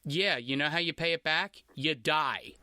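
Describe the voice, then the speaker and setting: Male podcast host, comedic casual chat, mock-indignant riffing, dry close sound, slightly high voice. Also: measured pace, no room sound. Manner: animated, mock-indignant, crude jokes.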